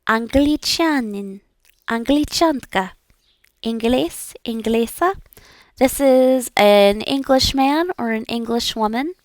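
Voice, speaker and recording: A woman's voice: on the high side, takes it slowly, no room sound, clean studio sound. A young woman learning languages, repeating practice words aloud and chatting casually with fillers.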